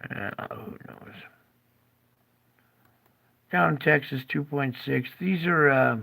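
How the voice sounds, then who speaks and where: A man's voice: on the high side, takes it slowly, creaky, bright, forceful tone. A man hosting his own show, rambling in a tired, jokey way and often breaking off his own train of thought. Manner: rambling, jokey and self-interrupting. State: tired, yawning. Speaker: show host. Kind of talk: casual commentary over maps.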